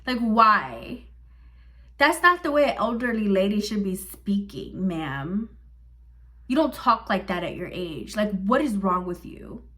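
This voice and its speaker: A woman's voice: medium pitch, expressive, a little slow, pushed and bright. A young woman chats loosely in her bedroom while she gets ready on camera. She talks in a casual, profane get-ready-with-me style and keeps a mid-range voice. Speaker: vlogger.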